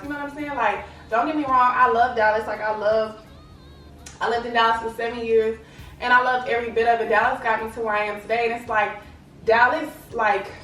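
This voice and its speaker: Recorded in an echoey room on a distant mic with faint ambience and slight background noise, a young vlogger from Lubbock, Texas, talks casually to camera. She uses "like" and "you know what I'm saying" constantly, and her voice is fairly high and fairly bright.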